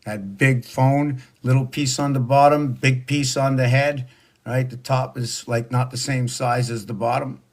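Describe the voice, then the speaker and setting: A man in his sixties delivers a meandering spoken monologue, drifting from topic to topic. His voice sits at an everyday middle pitch. He leans on rhetorical questions and a preachy, lecturing tone. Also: fairly even intonation, a little slow, darkish tone. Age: 60s. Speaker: social media monologuist.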